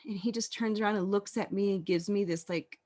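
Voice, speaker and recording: A woman in her thirties appears as a podcast guest, sharing her own story earnestly and thoughtfully, with halting pauses. Her voice is medium-pitched, steady, and dark in tone.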